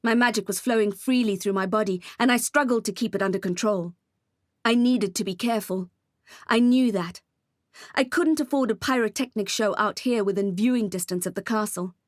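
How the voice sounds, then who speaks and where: A woman's voice: medium pitch, normal speed, dry recording. Dry, intense woman audiobook narrator. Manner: intense, emotional delivery. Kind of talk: first-person audiobook narration.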